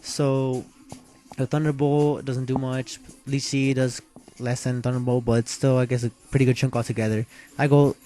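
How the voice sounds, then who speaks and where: A man's voice: mid-range voice, little pitch movement, moderate pace, warm tone, soft background music. Laid-back slangy young man recapping gameplay. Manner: slangy, laid-back, narrating battles move by move. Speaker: video game let's player. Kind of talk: casual gameplay recap commentary.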